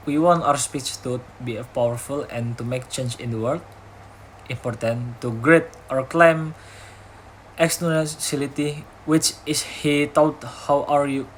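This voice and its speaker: A young man with an Indonesian accent, a university student whose first language is Indonesian, retelling a talk for a class assignment and reading haltingly with grammar slips and restarts. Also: mid-range voice, a bit bright, a little hiss or hum, low-quality recording. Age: young adult.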